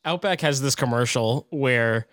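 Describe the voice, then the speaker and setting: A man co-hosting a podcast, introducing a guest in a relaxed, friendly way. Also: medium pitch, measured pace, no room sound. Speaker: podcast co-host. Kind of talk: casual podcast chat.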